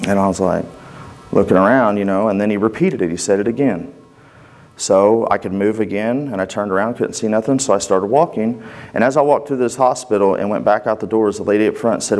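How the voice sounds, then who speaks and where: A man's voice: on the low side, fairly quick, darkish tone. Earnest man telling his testimony. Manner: earnest, conversational, acts out dialogue. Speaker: church testimony speaker. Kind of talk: personal testimony storytelling.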